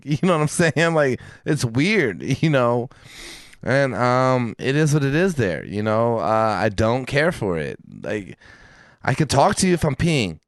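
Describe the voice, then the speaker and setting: The co-host's voice sits on the low side, expressive and at normal speed, as he rambles through profane stories and acts out quoted lines in casual podcast chat. Clean studio sound, no echo.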